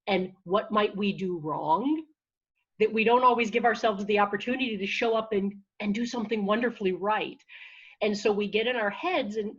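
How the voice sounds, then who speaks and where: A woman who works as a confidence and public speaking coach, talking in an energetic, encouraging way with frequent restarts, heard over a video call. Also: medium pitch, breathy edge, dull audio. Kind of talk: conversational interview answer.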